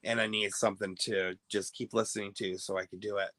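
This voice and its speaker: A man's voice: fairly low pitch, flat delivery, fairly quick, a bit bright, no echo. A man hosting his own show, telling a long rambling story to viewers in a chatty, self-interrupting way. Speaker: host.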